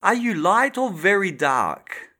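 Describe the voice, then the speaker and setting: A man's voice: sits high, big pitch swings, slow, bright, forceful tone, voice pushed up, full character voice. A man voicing a prim, prejudiced middle-aged landlady who asks clipped, probing questions.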